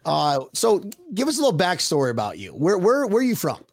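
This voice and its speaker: A man's voice: high-pitched, huge pitch swings, brisk. Upbeat Buffalo man hosting a show. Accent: Buffalo, New York. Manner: upbeat, jokey, many "uh" fillers. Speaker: podcast host. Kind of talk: casual live show hosting.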